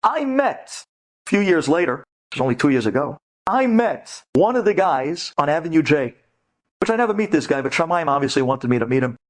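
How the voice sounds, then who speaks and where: Man, rabbi, storytelling lecture, dramatic, sudden high emphatic bursts, somewhat high voice. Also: very animated, fairly quick. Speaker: rabbi giving a lecture to women.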